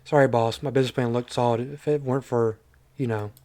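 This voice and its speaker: A man's voice: medium pitch, steady tone, fast talker, a little mellow, natural voice. A man voicing a hapless young male business owner who keeps apologizing. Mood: sheepish. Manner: sheepish, apologetic.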